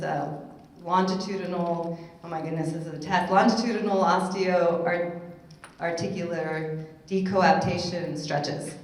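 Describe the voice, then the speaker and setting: A chatty, upbeat woman personal trainer talks on a panel at a summit, laughing at her own jokes. Her voice sits a little low, and the echo of a large hall hangs around every word. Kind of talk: casual panel talk.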